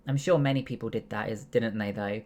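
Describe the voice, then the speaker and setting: Young woman, streamer, very deep voice, casual chat, step-by-step explaining. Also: brisk, darkish tone. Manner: explains step by step, many fillers, chatty asides. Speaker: streamer and nursing student. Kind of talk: casual chat while gaming.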